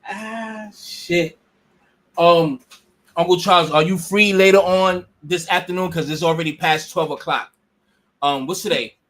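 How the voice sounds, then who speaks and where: A man interviewing people on the street, asking halting questions with many fillers. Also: sits high, a bit bright.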